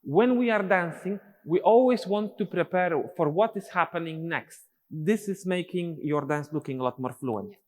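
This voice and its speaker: A man's voice: sits high, moderate pace, big-room sound. A male dance teacher, explaining steps and counting rhythms aloud in syllables. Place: dance studio.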